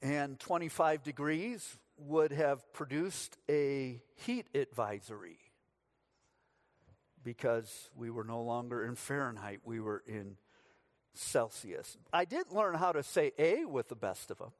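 A man's voice: mid-range voice, slow pace. A middle-aged man from the United States, preaching a sermon as pastor, telling stories with dry humor.

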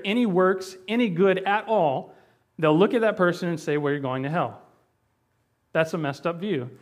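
Conversational man teaching Bible doctrine. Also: sits high. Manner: conversational, explaining with frequent fillers and restarts. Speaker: pastor.

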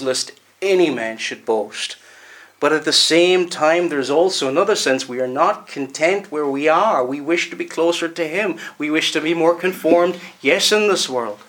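A man preaching a sermon, emphatic, repeating words and slowing down to stress them. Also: on the high side, a bit bright.

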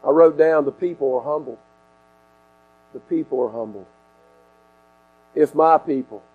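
A man preaching a sermon, swinging from shouts to hushed asides. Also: on the high side, a little slow, narrow, tinny audio. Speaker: pastor. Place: outdoor tent service. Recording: mains hum in background.

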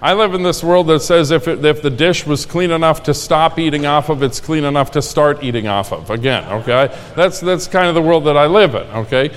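A male pastor preaches in an earnest, folksy manner and often repeats his key lines. His voice sits a little high for a man. The sound has the long reverb of a church sanctuary. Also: fairly quick, hardly any pauses. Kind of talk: sermon.

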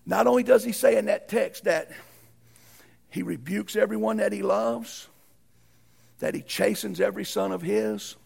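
A man preaching a sermon in a folksy way, swinging from shouted peaks to hushed lows. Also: moderate pace, gravelly, long pauses, slightly rough. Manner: folksy, uses ain't and y'all. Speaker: pastor.

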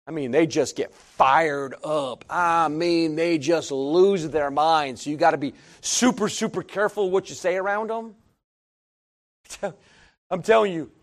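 Man, preacher, sermon, high voice, emphatic, middle-aged, hushed-to-loud swings.

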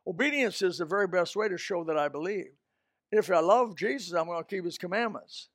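A man preaching a sermon in an emphatic style, swinging between loud outbursts and quiet, low asides. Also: expressive, fairly quick, no echo, studio quality.

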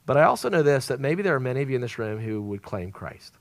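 A man preaching an evangelistic sermon at a church service, swinging between loud emphasis and hushed, near-whispered lines. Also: mid-range voice, big pitch swings, quick pace, gravelly.

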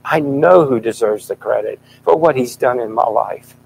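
A middle-aged man preaching a sermon in a fervent, emphatic style, his voice swelling loud at key points. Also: medium pitch, normal speed, creaky, a little hiss or hum, rough recording.

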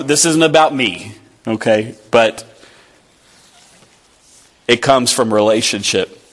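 Guy preaching a sermon, earnest and chatty, mid-pitched voice. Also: a bit bright. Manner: earnest, conversational, acts out short dialogues.

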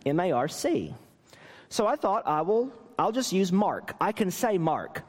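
A man's voice: high-pitched, sing-song, measured pace, big-room sound. A man, a pastor, preaching a sermon and telling stories with self-deprecating humor.

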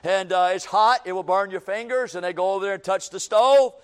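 A man's voice: high-pitched, fairly quick, clean tone. A man preaching a sermon, folksy and repetitive, building to emphatic calls and acting out everyday scenes.

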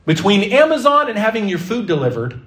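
A man preaching a sermon in a church hall, lively and theatrical, sometimes slipping into mock-panicked voices. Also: high voice, fairly quick, recorded from a distance. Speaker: pastor.

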